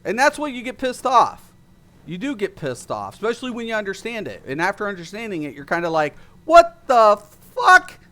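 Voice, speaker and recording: A man's voice: high-pitched, sing-song, fast talker, bright, forceful tone. A man streaming about games, ranting in a heated, profane way with many restarts. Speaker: gaming streamer. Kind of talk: ranting livestream commentary.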